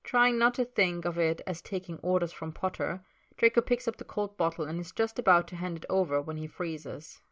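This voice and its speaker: Reading a story aloud, a woman uses a low, even voice. Her delivery is measured and expressive, handling both the scenes and the dialogue.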